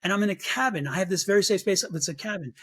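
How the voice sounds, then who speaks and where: Animated, high-voiced man telling a spirit story. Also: fast talker, husky. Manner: animated, acts out his own past reactions in a raised voice; repeats words while restarting sentences. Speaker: psychic medium guest. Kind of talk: storytelling interview chat.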